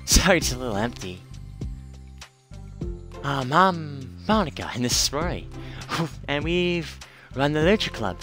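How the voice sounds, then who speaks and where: A man's voice: fairly high pitch, very animated, normal speed, long pauses, music in the background, voice pushed up. A man voicing a scheming teenage club president, sweetly welcoming with an evil edge. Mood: polite.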